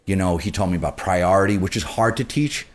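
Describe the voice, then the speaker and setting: A man in hospitality telling stories in a casual chat, acting out the people he quotes with lively energy. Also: low-pitched, fairly quick. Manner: animated, acts out quoted people. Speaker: bar and restaurant group manager. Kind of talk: casual conversational storytelling.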